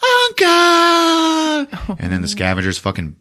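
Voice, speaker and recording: A man hosting a podcast, retelling a film in a casual, profane, animated way. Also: sits low, moderate pace. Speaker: host. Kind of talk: casual chat.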